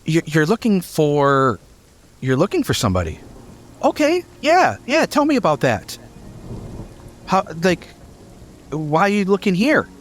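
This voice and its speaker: A man voicing a cheerful, excitable young female dragon in a tabletop game, speaking eagerly. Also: high voice, measured pace, long pauses, slight background noise, pitched above the performer's own voice, full character voice.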